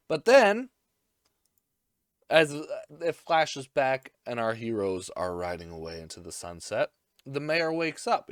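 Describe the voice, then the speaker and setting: A man's voice: on the low side, dry recording, studio quality. A young man giving a casual, crude, joking anime recap, with lots of fillers. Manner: crude, jokey, full of fillers.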